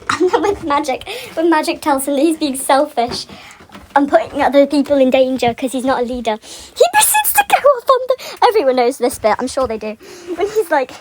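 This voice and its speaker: High-voiced woman on a rambling fan rant. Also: animated, normal speed, low-quality recording. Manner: rambling with frequent tangents and laughter. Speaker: fan commentator.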